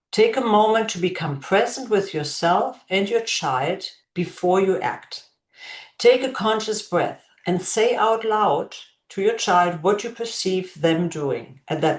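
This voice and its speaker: A woman educator giving an instructional talk to parents, speaking slowly and deliberately and gently modeling what to say to a child. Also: lowish voice. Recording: echoey room.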